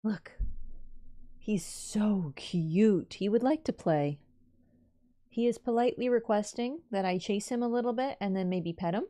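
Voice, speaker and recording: A woman's voice: a little high, lively intonation, normal speed. Woman streamer cooing over her cat. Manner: coos and baby-talks to her cat, drifting between soft and bright. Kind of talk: casual livestream chat.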